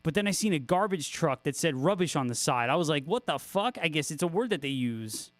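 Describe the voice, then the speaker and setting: Laid-back joking man, a bit high. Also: expressive, a little fast, dry recording. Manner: laid-back, joking, swears freely and laughs often. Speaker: guitarist hosting a livestream. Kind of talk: casual livestream chat, reading viewer comments.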